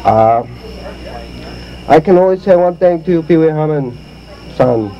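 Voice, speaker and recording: A man's voice: on the high side, expressive, a little slow. A man playing a boastful comic kung fu ventriloquist who speaks in broken English and teases his dummy, recorded on dull lo-fi tape at an outdoor party. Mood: teasing. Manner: broken English, teasing, chuckling.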